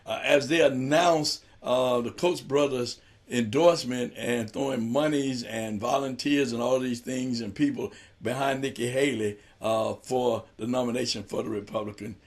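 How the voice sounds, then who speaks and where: A man hosting a casual political talk show, talking loudly and lively, often repeating himself. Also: medium pitch, moderate pace, few pauses.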